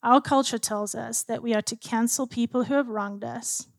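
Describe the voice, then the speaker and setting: A woman's voice: a little high, steady tone, normal speed, creaky, no room sound, studio quality. A woman who works as a Christian counselor gives an earnest teaching talk and retells sessions with clients in quoted dialogue.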